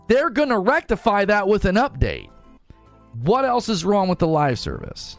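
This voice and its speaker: A man streaming casually, reading his chat aloud and arguing his points, often repeating words as he rushes ahead. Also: high voice, soft background music. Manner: animated, argumentative, repeats words while rushing ahead.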